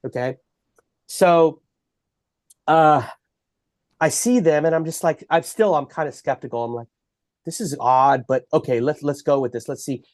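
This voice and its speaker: A man with a Texan accent tells his story in an animated, halting way. He often restarts his sentences, and his voice sits a little high for a man. The sound is dry and close, with no room around it. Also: dry recording. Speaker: bigfoot researcher guest. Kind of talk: storytelling in a podcast interview.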